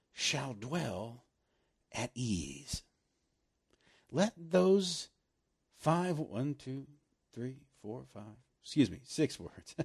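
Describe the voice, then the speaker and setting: A man preaching a sermon, animated and laughing often, slowing right down to stress scripture. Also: medium pitch, husky.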